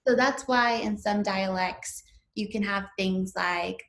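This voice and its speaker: A young woman teaches a recorded class in an easygoing, conversational way, with plenty of um and like. Her voice sits at an ordinary middle pitch. The room around her gives a noticeable echo. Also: takes it slowly, fairly bright tone. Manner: casual, lots of fillers like um and like. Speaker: instructor. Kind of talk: recorded online lecture.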